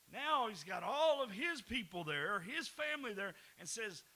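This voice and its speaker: High, lively preacher man. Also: a little slow, low-quality recording. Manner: folksy preaching with laughs and repeated words. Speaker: pastor. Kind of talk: sermon.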